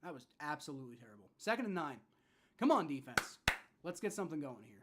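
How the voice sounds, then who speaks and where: Young man, fan reaction stream, play-by-play, swearing, frustrated, higher voice. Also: big pitch swings, fast, heavy background noise. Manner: frustrated, swears, swings from muttering to shouting. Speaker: livestream reaction host.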